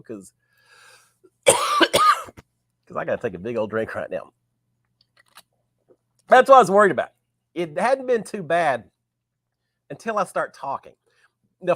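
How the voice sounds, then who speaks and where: A man, hosting a live stream while sick, his voice raspy, greeting viewers by name in folksy casual chat. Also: fairly high pitch, a bit bright, dry recording, studio quality. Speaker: show host.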